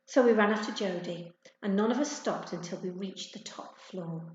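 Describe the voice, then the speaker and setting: A woman reading a children's storybook aloud to pupils, gentle and expressive. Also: mid-range voice, moderate pace. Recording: echoey room, dull sound.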